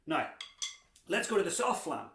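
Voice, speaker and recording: A man's voice: a little high, big pitch swings, moderate pace, sharp tone. A young man teaching a drumming lesson, chatty and encouraging, with the odd dad joke. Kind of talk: instructional lesson. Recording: echoey room with clear background noise.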